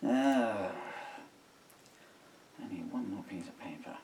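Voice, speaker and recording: Older man with a low gravelly voice. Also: slow, far from the mic, noisy background. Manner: meandering, self-interrupting, muttered asides. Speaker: songwriter. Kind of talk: casual rambling talk while writing a song. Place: home recording studio.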